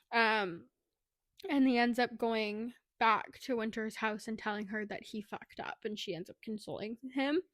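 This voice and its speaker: A woman's voice: mid-range voice, no echo, clean studio sound. A young woman co-hosting a podcast, casually retelling a book's plot with lots of fillers. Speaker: podcast co-host. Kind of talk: casual book review chat.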